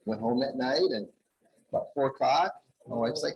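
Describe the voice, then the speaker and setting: A man's voice: mid-range voice, moderate pace, darkish tone, slight background noise, rough recording. A man at a conference telling an audience a personal story, acting out the dialogue in a raised voice. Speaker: conference speaker. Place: conference ballroom.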